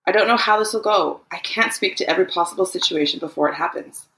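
A woman voicing a candid young man who speaks haltingly and hesitantly. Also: on the low side, a bit bright, roomy sound, close to an everyday voice.

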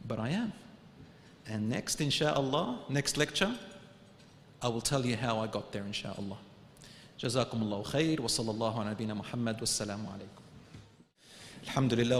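A male preacher telling a personal story in an earnest sermon, his voice rising to loud urging and dropping to hushed tones, with Arabic religious phrases woven in. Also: medium pitch, a little hiss or hum. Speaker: Islamic preacher. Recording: echoey hall.

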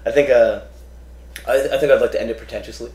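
A man's voice: mid-range voice, steady tone, quick pace, darkish tone. A man chatting as a podcast guest, rambling and laughing easily, with lots of "like"s. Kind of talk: casual chat. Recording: roomy echo.

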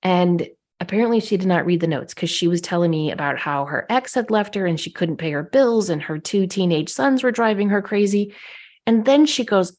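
A woman co-hosting a casual talk show, telling stories in an indignant, animated way. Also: mid-range voice, normal speed. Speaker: podcast co-host. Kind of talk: casual chat.

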